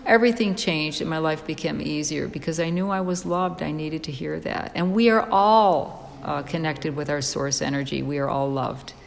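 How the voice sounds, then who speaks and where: Woman interview guest, lowish voice, excitable storyteller, reverberant room. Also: moderate pace, gravelly, hardly any pauses, slight background noise. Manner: lively, excitable storyteller, frequent fillers. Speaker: interview guest, dog rescuer.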